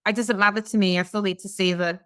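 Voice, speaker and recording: A woman's voice: mid-range voice, fairly even intonation, quick pace, bright, forceful tone, smooth, dry recording, clean studio sound. A woman co-hosting a podcast, chatting and reading out news articles with her own comments. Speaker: podcast co-host. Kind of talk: casual discussion, reading out news stories.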